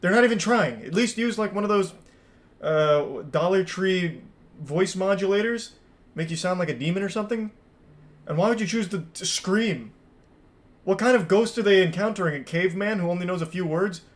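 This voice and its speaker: A man's voice: high-pitched, normal speed. A man in his thirties giving casual, sarcastic reaction commentary over a video, mocking it and swearing.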